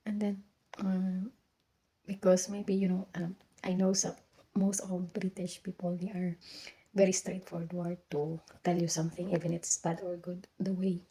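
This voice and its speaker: Filipina woman telling a story, mellow voice. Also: fairly low pitch, little pitch movement, slightly rough, low-quality recording. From Philippines. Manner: halting, many restarts and fillers, drifts into whispers. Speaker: vlogger. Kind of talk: casual storytelling vlog.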